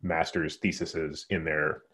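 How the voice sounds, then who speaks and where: An American man hosting a casual podcast over a video call, joking and talking in quick runs with restarts. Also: very deep voice, level tone, a bit bright. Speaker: podcast host. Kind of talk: casual chat. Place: home, remote call. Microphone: video call recording.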